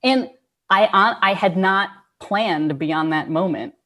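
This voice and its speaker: A woman casually telling a rambling, animated story over a video call, swearing freely. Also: medium pitch, slow pace.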